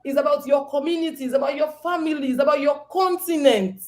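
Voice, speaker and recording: A woman's voice: sits high, fast. A woman farmer speaking on a panel, emphatic and rallying, repeating short punchy phrases. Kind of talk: impassioned panel talk.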